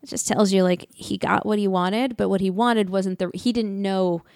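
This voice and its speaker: A woman's voice: medium pitch, fairly even intonation, normal speed, creaky, a little mellow, no echo, clean studio sound. A woman co-hosting a podcast, chatting playfully about a movie and thinking aloud with lots of fillers. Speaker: podcast co-host. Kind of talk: casual chat recapping a film.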